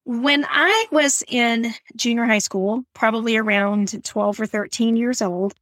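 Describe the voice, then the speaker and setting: A woman's voice: fairly high pitch, a little slow, fairly bright tone, no echo. A middle-aged woman from Texas with a Texan accent, hosting a podcast and telling a story in a friendly, chatty way. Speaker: podcast host. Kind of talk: casual podcast monologue.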